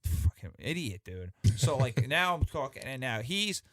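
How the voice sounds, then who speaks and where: A man telling a story as a podcast guest in casual chat, animated and profane, with many restarts. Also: mid-range voice, moderate pace, no room sound, clean studio sound.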